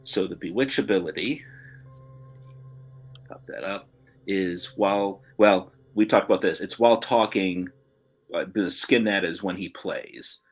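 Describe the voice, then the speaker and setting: A male tabletop player who explains his character's moves and abilities at length. His voice is very deep and husky. Faint music plays underneath. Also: measured pace, long pauses. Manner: thoughtful, explains game rules at length. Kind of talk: playing a tabletop game.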